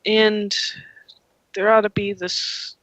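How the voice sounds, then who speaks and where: A man's voice: high voice, level tone, slow, a bit bright, no room sound, voice pushed up, low-quality recording. A game master voicing a cold, scheming male director who orders an island destroyed, contemptuous and clipped. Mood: ruthless.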